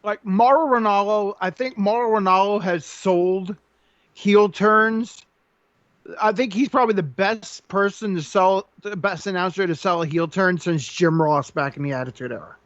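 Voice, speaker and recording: A man co-hosting a casual wrestling talk show, excitable and loose, swearing casually. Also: high voice, moderate pace, dry recording, highs cut off. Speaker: podcast co-host.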